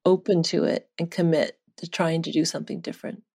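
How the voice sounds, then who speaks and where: A woman researcher, a guest in an interview, telling a personal story in an animated, earnest way and laughing now and then. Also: low voice, brisk, gravelly, breathy edge.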